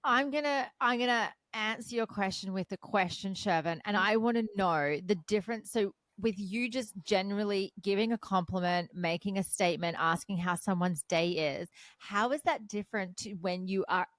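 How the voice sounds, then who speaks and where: A woman's voice: mid-range voice, moderate pace, few pauses, no room sound. Frank woman hosting a podcast. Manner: frank, animated storytelling. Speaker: podcast host. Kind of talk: casual interview chat.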